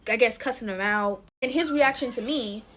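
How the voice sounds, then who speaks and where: Playing with slime, this woman in her twenties tells a laid-back TikTok storytime at a moderate pace, her voice on the high side. The background is noisy, and she packs her talk with fillers while addressing everyone as "y'all."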